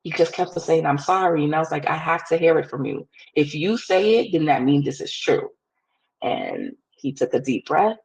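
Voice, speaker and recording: Husky young woman telling a candid story. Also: low-pitched, expressive, darkish tone, rough recording. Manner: candid, quick, acts out quoted dialogue. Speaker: podcast guest. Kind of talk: personal storytelling in an interview.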